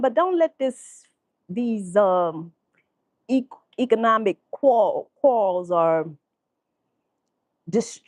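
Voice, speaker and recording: A woman vlogger, telling a story in profane, animated casual commentary and laughing often. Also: medium pitch, dry recording.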